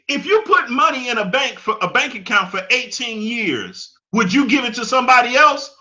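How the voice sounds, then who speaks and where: A man's voice: extremely high pitch, lively intonation, normal speed, few pauses, bright, forceful tone. A man, giving an impassioned monologue that repeats phrases for emphasis. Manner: preachy, emphatic, repeats phrases, laughs at his own points. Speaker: commentator.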